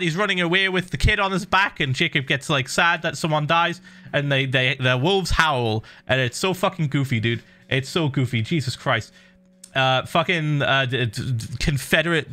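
A man's voice: mid-range voice, bright, forceful tone. A man streaming a game, ranting animatedly and swearing a lot in an exasperated, casual way. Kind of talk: casual gaming stream chat.

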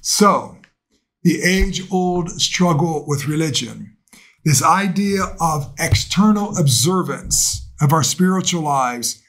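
Priest guy preaching to camera, talky and earnest, bit of a higher voice. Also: expressive, slow pace, a bit bright. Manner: conversational and earnest, with rhetorical questions. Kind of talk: sermon to camera.

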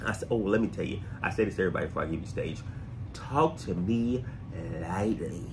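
A fairly low-voiced man hosts a casual music reaction, joking and talking straight to his viewers. His voice swings widely up and down as he riffs. A steady noise hiss sits under the recording. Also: brisk. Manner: playful, jokey, talks straight to the viewer. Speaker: reaction channel host.

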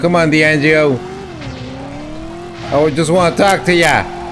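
Man, gameplay commentary, excitable, frustrated, noisy engine sounds behind. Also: fairly high pitch, a little slow. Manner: excitable, frustrated, talks to the game. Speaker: gamer streaming a retro driving game. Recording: noisy with game car sounds.

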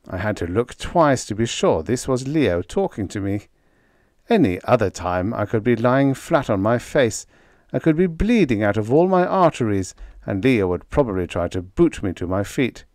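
A man narrating a humorous story in the first person, with a wry, deadpan manner. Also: medium pitch, normal speed, no echo, clean studio sound. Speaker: audiobook narrator.

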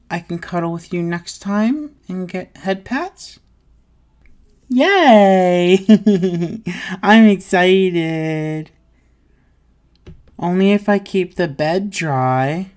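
A woman's voice: medium pitch, darkish tone, clear, resonant tone. A woman voicing an adult who plays a clingy, stubborn childlike little boy in an audio role-play, whiny, pleading and giggly. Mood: cuddly.

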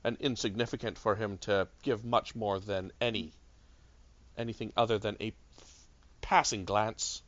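A man's voice: fairly low pitch, steady tone, normal speed, fairly bright tone, close to an everyday voice. A man voicing an Andorian village chief's daughter, a woman with a put-on brash Scottish-style brogue, telling folksy tales. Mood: ominous. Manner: folksy, gossipy storyteller. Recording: dull lo-fi dry online mic.

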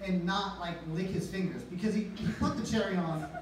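Awkward young comic in an echoey room. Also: male voice, high-pitched, fairly quick. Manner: awkward, hesitant delivery with many restarts. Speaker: stand-up comedian. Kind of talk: stand-up comedy set. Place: comedy venue. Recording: echoey venue from far off, noisy.

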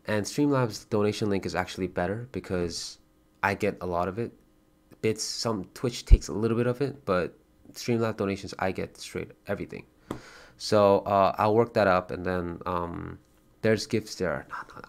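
Casual low-voiced male streamer signing off. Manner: chatty, swears casually, bursts of excitement when thanking donors. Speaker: livestreamer. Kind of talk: casual stream sign-off, thanking viewers.

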